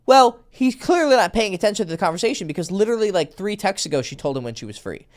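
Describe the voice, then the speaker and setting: A man's voice: high-pitched, fast. A man working as a dating coach, talking casually and bluntly, swearing now and then and acting out quoted texts as he tells stories. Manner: animated storytelling, acts out quoted texts. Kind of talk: casual podcast conversation.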